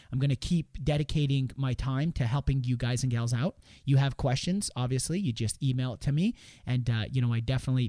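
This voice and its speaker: A man's voice: mid-range voice, darkish tone, no room sound, studio quality. A man hosting a sales coaching show, talking casually and rambling, often restarting sentences. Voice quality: rambling, repeats words and restarts, acts out quotes in a raised voice.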